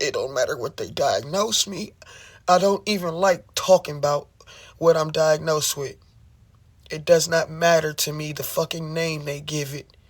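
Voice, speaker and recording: A livestreamer in an emotional, impassioned rant who swears often, fires rhetorical questions at the audience and repeats phrases for emphasis. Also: mid-range voice.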